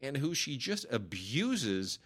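A man's voice: mid-range voice, big pitch swings, fairly bright tone, slightly rough. A man co-hosting a casual film review podcast, talking enthusiastically and arguing his opinions. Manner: enthusiastic, argumentative, speeds up and slows down. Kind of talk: casual chat reviewing films.

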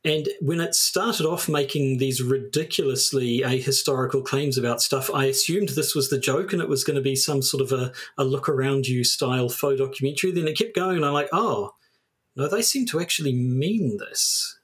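Male cohost, kinda husky voice, dry and measured, reads from a paper with some ums. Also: medium pitch, fairly bright tone. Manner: measured, dry, with hesitant fillers. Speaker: podcast co-host. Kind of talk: casual chat, reading a paper aloud.

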